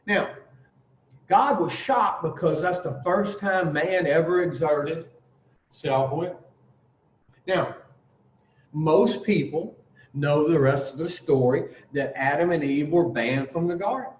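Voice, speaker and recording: A man with a drawl tells a story to a recovery group in a loose, salty, folksy way, slipping into voices for the people in it. His voice sits a little high, and he sounds set back from the mic in an echoey room. The recording is dull and muffled. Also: takes it slowly. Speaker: addiction recovery speaker. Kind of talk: casual storytelling talk. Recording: roomy dull recording from far off.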